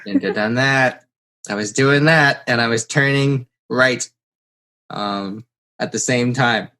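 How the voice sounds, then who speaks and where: Male podcast host, casual, lively storyteller who acts out the people in his stories; mid-range voice. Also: medium pitch, slow pace. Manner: animated storyteller, acts out quotes. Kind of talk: casual chat.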